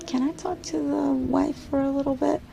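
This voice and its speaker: A woman doing a gentle, coaxing doctor. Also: sits high, steady tone, moderate pace, gravelly, noisy background, voice pushed up. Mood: soothing. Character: concerned, gentle doctor, adult.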